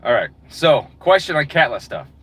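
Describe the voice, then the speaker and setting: A man's voice: fairly high pitch, sing-song, moderate pace, a bit bright, husky, low-quality recording. A man delivering a heated, profane, exasperated rant as a channel host. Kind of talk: profane ranting monologue.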